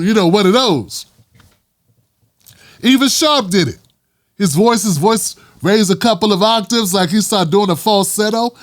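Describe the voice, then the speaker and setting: A man's voice: high-pitched, lively intonation, unhurried, no echo. A man hosting his own commentary show, talking in an emphatic, street-casual way. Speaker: host. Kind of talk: political commentary vlog.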